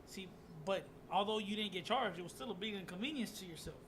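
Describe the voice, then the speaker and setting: High-voiced, teasing man. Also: quick pace, noisy background. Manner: teasing, blunt, crude jokes. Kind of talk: casual banter.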